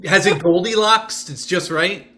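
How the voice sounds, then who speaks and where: A man's voice: high voice, a little slow, sharp tone, a little hiss or hum. A man hosting a podcast, breaking in with short dry jokes and questions. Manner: dry joking interjections. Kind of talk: casual chat.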